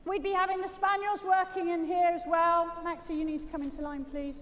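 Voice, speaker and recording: A woman's voice: very high voice, little pitch movement, fairly quick. A British woman giving a gundog training demonstration, chatting jokily with the crowd and praising her dogs as she explains. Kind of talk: live commentary over a loudspeaker. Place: large indoor arena. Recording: echoey arena PA from far off.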